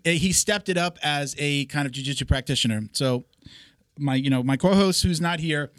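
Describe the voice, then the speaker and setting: A man's voice: on the high side, fairly bright tone, dry recording. A man hosting a podcast, talking loosely and casually with plenty of fillers into a close mic. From South Florida. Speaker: podcast host.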